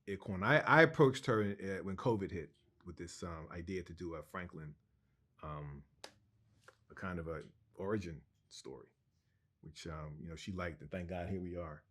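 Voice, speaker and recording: A middle-aged man, a cartoonist guest, telling a long personal story in an interview, animated and stumbling over restarts. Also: low-pitched, moderate pace.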